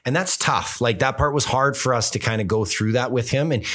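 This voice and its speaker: A man's voice: medium pitch, brisk, fairly bright tone. A man, a filmmaker guest on a podcast, chatting casually and animatedly, swearing and imitating the people he quotes. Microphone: studio mic.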